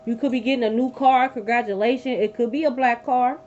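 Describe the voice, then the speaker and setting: A woman's voice: on the high side, steady tone, a little fast, darkish tone. A woman giving a live tarot reading from her bed, blunt and profane, repeating her points for emphasis. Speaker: tarot reader. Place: sitting on a bed at home. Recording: dull lo-fi audio with faint hum.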